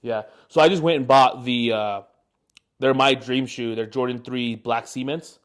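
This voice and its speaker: A man's voice: mid-range voice, moderate pace, a bit bright, clear, resonant tone. A young man in his twenties, co-hosting a podcast and telling a long rambling story with lots of fillers. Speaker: podcast co-host. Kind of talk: casual chat, storytelling.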